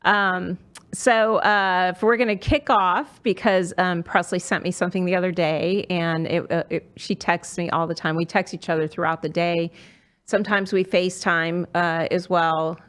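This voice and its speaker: A woman's voice: on the low side, fairly even intonation, moderate pace, fairly bright tone. A middle-aged woman hosting a casual podcast chat, talking with lots of fillers and restarts. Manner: chatty, many fillers and restarts. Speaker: podcast host.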